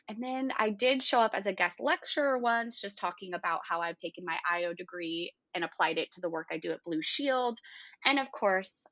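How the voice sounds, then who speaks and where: A woman's voice: on the low side, a bit bright, dry recording, highs cut off. A woman guest on a podcast, speaking articulately and upbeat, laughing often as she explains her work. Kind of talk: casual interview conversation.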